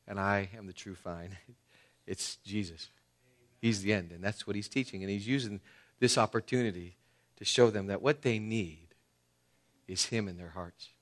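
A male pastor preaching a sermon in a church. He talks in a conversational way with fillers, swinging between loud emphasis and hushed tones. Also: lowish voice. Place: church sanctuary.

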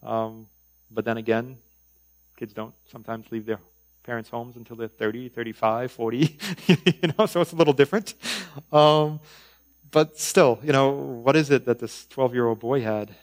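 A man's voice: mid-range voice, steady tone, moderate pace, rough recording. Conversational male preacher. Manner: conversational, with frequent fillers and asides. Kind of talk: sermon.

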